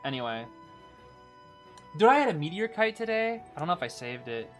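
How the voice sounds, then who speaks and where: Animated bright-voiced young male streamer. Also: fairly quick, faint music behind. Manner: excitable, swinging from low groans to sudden shouts. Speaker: game streamer. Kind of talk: live gameplay commentary.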